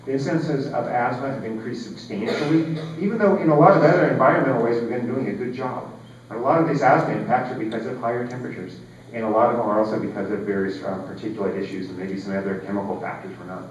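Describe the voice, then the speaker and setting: Here a keynote speaker, a geological scientist in his forties, talks fast in a mid-range voice, with slight background noise. He chats through his conference address using plenty of fillers and wry remarks. Sound from the large hall comes across echoey, distant and dull.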